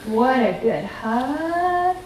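A woman's voice: sits high, animated, drawn-out words, over loud music. A woman with a Southern US accent calling out a children's action dance, upbeat and encouraging in a sing-song way. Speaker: fair representative leading a children's dance. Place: library room with children. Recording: echoey room, distant mic, crowd.

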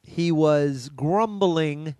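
Slightly high-voiced man telling a story. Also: very slow, no echo, clean studio sound. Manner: animated storytelling, acting out both sides of a conversation. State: drunk and high. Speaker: podcast co-host. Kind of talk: casual chat.

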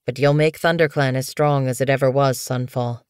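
A woman voicing a tired male cat leader who speaks in a calm, formal way. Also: extremely low pitch, moderate pace, clear, resonant tone, dry recording, clean studio sound. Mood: resigned. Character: weary male cat clan leader, resigned.

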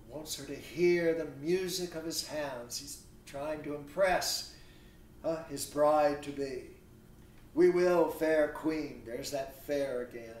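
Guy lecturing slow with lots of uhs, slightly high voice, far from the mic in a roomy space. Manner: halting, many uhs, reads quoted verse with louder emphasis. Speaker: literature instructor. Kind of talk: recorded lecture. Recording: roomy echo, distant mic, faint noise.

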